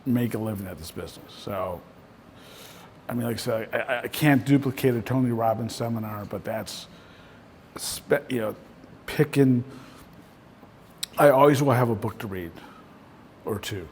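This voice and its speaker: A man's voice: medium pitch, normal speed, long pauses, a little hiss or hum. A man in the role of a real estate coach, giving a casual, conversational talk to a small group and often ending points with "right?". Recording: voice in a reverberant room.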